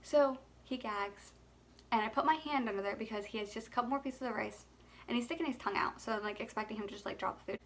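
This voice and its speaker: A young woman with a slightly high voice tells a casual storytime to camera. She talks expressively, full of filler "like"s and laughs. Faint ambient noise sits under her voice. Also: quick pace. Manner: chatty and expressive, laughs often, many filler "like"s. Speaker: mother and vlogger telling a story.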